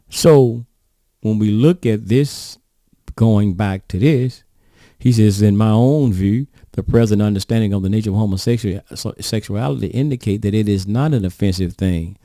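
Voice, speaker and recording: A preacher man with a mellow, dark voice, repeatedly putting rhetorical questions to his listeners in a folksy sermon. The sound is dry and close, with little room around it. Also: on the low side, moderate pace, no room sound. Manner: folksy, rhetorical questioning, addresses audience as y'all. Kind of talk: sermon reading and commenting on scripture.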